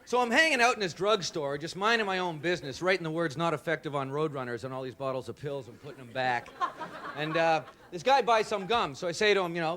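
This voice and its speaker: High-voiced rambling stand-up comic. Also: male voice, a little fast. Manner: rambling, self-deprecating, loud shouted impressions. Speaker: stand-up comedian. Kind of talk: stand-up comedy set. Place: comedy stage before a live audience. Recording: live club with audience laughter and noise.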